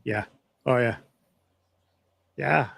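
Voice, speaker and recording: A man's voice: mid-range voice, drawn-out words, gravelly, a bit bright, breathy edge, no echo. A man co-hosting a podcast, chatting casually with dry, short interjections and asides. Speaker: podcast co-host. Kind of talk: casual chat.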